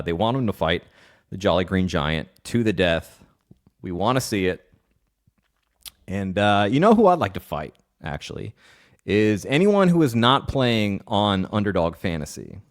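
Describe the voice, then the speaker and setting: A man hosting a podcast, talking in a casual, joking way with rambling asides and playful rants. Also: fairly low pitch. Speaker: podcast host.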